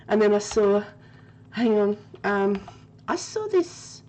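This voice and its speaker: A woman's voice: medium pitch, very animated, takes it slowly, dark tone, slight background noise, rough recording. A woman streaming a game live, chatting with her viewers by name and laughing often. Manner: giggly, laughing often and talking to chat by name.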